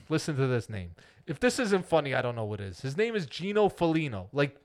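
A man's voice: on the high side, big pitch swings, moderate pace. Laughing, joking man reviewing a movie. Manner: joking, swearing, restarts mid-sentence. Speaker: podcast co-host. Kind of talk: casual movie review chat.

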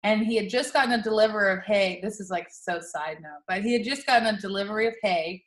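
A young adult woman co-hosts a podcast, telling a story in casual chat and laughing often. Her mid-range voice is quick and a bit bright, and the room sounds echoey.

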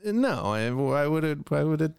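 A man's voice: on the high side, sing-song, moderate pace, gravelly, noisy background. A man chatting casually as a podcast co-host, rambling and restarting often, with lots of "like" and "right?". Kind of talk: casual chat.

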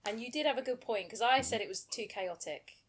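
A woman's voice: on the high side, brisk, husky. A woman co-hosting a football podcast, chatting casually and laughing often. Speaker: podcast co-host. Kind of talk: casual chat.

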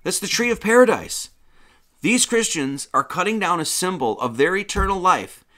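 A man's voice: high voice, expressive, normal speed, pushed and bright. A man hosting a livestream, giving a casual lecture in a mocking, slangy way. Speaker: livestream host.

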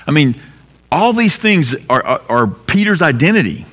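A man preaching a sermon as pastor, earnest, building to emphatic peaks and dropping low for weight. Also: sing-song, normal speed, fairly bright tone. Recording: long hall reverb.

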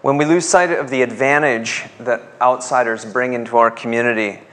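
A man's voice: mid-range voice, steady tone, normal speed, fairly bright tone. A male pastor preaching a sermon, asking rhetorical questions and calling on the congregation to respond.

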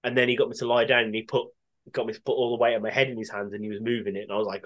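A man's voice: lowish voice, little pitch movement, racing, fairly bright tone, rough recording. Male podcast co-host, dry sweary banter, casual delivery. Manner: dry, sweary, self-mocking about his injury. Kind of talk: casual chat.

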